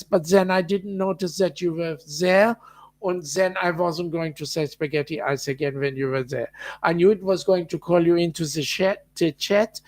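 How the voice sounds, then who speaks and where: Co-host: Australian man, unhurried, rambling chat. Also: a little high. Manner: rambling, chatty, reads out viewer comments. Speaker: co-host of a live chat stream. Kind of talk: casual live-stream chat.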